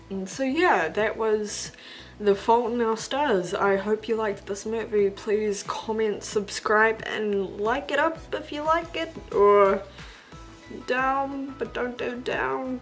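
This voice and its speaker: A young woman from New Zealand chatting casually in a movie review vlog, bubbly and playful with quick asides. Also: fairly low pitch. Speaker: vlogger. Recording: faint background music.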